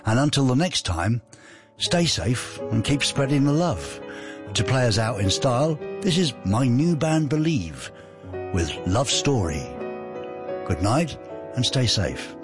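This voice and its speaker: A man's voice: mid-range voice, sing-song, unhurried, music in the background. A man hosting a radio show in a chatty, rambling, jokey way, reading out listener messages. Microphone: studio microphone.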